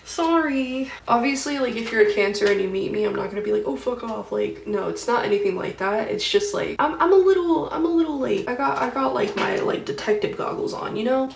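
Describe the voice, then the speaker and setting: Getting ready at home, a young beauty vlogger chats about her dreams over her makeup, leaning heavily on "like" and slang. She's brisk with few pauses, her fairly high, creaky voice lively in intonation, picked up from a distance in an echoey room with slight background noise.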